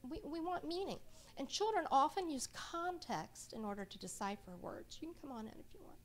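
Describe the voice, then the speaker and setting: A middle-aged woman leads a reading workshop with a slightly high voice. She speaks in a chatty, informal way and keeps checking in with the people listening. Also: expressive, fairly quick. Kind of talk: live workshop talk to an audience.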